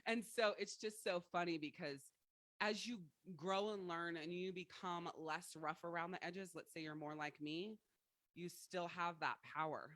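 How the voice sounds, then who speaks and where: A woman life coach hosting a livestream, telling personal stories in a blunt, profane, forceful way. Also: fairly low pitch, fairly even intonation, measured pace, dry recording. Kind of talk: candid motivational livestream talk.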